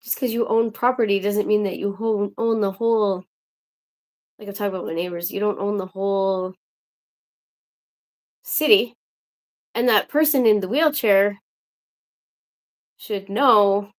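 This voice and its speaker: Young woman livestreamer, casual chat, rambling asides, mid pitch. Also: fairly even intonation, unhurried, pauses often. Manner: chatty, rambling, exasperated asides to viewers. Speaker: livestream host.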